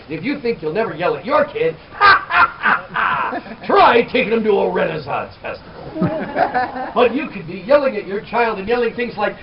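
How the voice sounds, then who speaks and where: A middle-aged man doing stand-up comedy for a festival crowd, animated and shouting out names. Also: high voice, highs cut off. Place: outdoor festival stage. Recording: distant crowd-noise camera audio.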